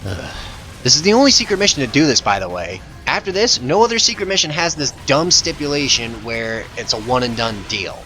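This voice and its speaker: A man's voice: medium pitch, very animated, brisk, bright, forceful tone, faint music behind. A man hosting a gaming channel, giving voice-over commentary on gameplay in a profane, exasperated rant.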